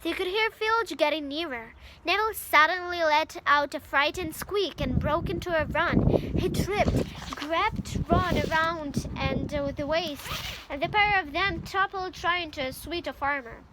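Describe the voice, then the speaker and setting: A woman's voice: very high-pitched, unhurried, very noisy. A woman from Ukraine reads a novel aloud in English, reading carefully and sometimes stumbling and restarting. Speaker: reader.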